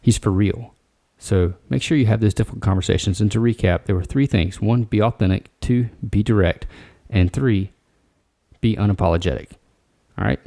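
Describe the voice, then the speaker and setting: A man hosts a solo advice podcast, speaking low with a gravelly edge. His tone is mellow and relaxed, direct and coaching rather than formal. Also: fairly quick. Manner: casual, direct, coaching tone with frequent "all right". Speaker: podcast host.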